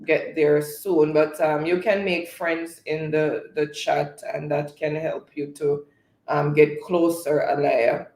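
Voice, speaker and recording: A man hosting a live stream, reading viewers' chat comments aloud in a relaxed way and often laughing. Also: fairly high pitch, takes it slowly. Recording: echoey room.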